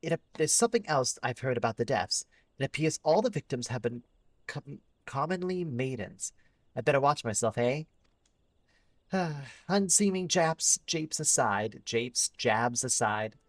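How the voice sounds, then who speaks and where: A man reading a wary village woman's quest lines aloud in his own voice, flat and slightly stumbling. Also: mid-range voice, unhurried, dry recording, lightly acted.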